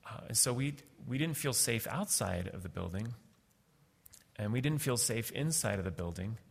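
Gravelly middle-aged man telling a story. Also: medium pitch, expressive, in a large hall. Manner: halting, many fillers and restarts. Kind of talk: personal storytelling.

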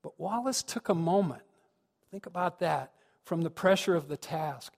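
A man's voice: high voice, moderate pace, gravelly. A man, a minister, giving a sermon with reflective storytelling that rises to earnest emphasis. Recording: long reverb of a large hall.

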